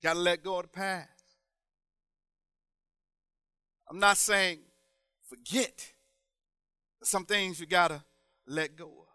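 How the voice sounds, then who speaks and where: A man preaching a sermon in a rhythmic style, building to loud, shouted emphasis and then dropping to quiet, drawn-out phrases. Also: sits high, fairly even intonation, smooth, dry recording.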